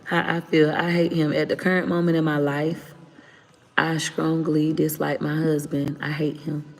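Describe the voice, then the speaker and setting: A woman's voice: deep voice, little pitch movement, moderate pace, big-room sound. A woman in her thirties talking casually on a livestream, blunt and candid, venting openly to her viewers. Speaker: livestream host.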